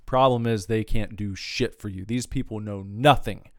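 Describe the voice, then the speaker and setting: Smooth-voiced man ranting on a podcast. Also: fairly low pitch, normal speed, no echo, studio quality. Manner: profane, rambling, goes off on tangents. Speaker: podcast host. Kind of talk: casual solo podcast rant.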